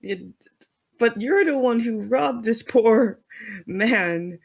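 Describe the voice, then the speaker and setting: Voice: medium pitch, lively intonation, takes it slowly, vocal fry, full character voice. A player voicing Thomas, an earnest, worried vampire who keeps pleading with people to get to safety. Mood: indignant. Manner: pleading, flustered.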